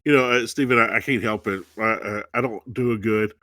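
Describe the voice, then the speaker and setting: A man's voice: on the low side, fairly even intonation, fairly quick, pushed and bright, no echo. A man co-hosting a casual sports talk show, speaking in a laid-back, joking way. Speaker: co-host.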